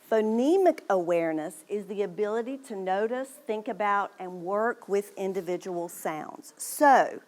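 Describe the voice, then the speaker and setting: A woman giving an early literacy presentation to parents in a library meeting room. She explains patiently and models letter sounds aloud. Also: mid-range voice.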